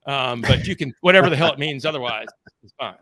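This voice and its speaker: A man talks through his own stories as a podcast guest, candid and blunt, swearing now and then. His voice is bright and forceful. The sound is dry, with no room around it. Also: mid-range voice, quick pace, dry recording. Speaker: podcast guest, sales trainer. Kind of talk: conversational storytelling interview.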